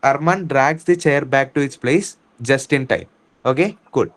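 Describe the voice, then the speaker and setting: In an online English class, a man with an Indian English accent reads a story aloud and patiently explains each word, going slowly, repeating himself often and restarting sentences. He is an English teacher, his voice is mid-range, and the recording quality is low.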